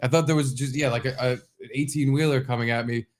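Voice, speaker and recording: Profane, animated male podcast co-host. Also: medium pitch, quick pace. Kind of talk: casual comedic chat.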